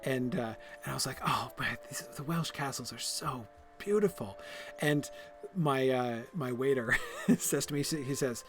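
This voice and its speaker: A man's voice: medium pitch, a little slow, a bit bright, faint music behind. A man hosting a stream, giving a casual, digressive lecture while playing a game, full of fillers and restarts. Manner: enthusiastic, laughs at himself. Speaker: host.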